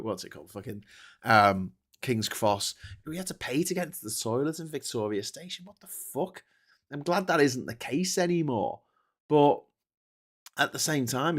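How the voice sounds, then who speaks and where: A man hosts a casual commentary stream, reacting to viewer comments. He talks in an indignant, rambling rant, peppered with swearing. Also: mid-range voice. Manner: indignant ranting with constant swearing. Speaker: host.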